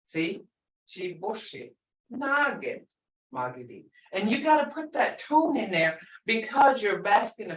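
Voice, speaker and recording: A woman's voice: medium pitch, a bit bright. An older woman teaching a language class, explaining patiently and repeating words, often with a laugh. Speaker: language instructor. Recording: echoey room, far from the mic.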